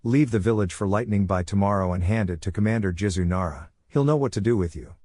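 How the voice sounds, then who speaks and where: A man's voice: on the low side, quick pace, darkish tone, no room sound, clean studio sound, lightly acted. A man voicing a stern male village leader giving curt orders. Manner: curt, commanding.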